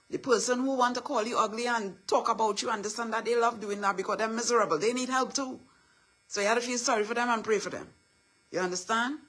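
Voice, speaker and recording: A middle-aged woman, giving a motivational talk in a husky voice with repetitive affirmations and a preachy manner. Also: mid-range voice, a bit bright. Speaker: motivational speaker.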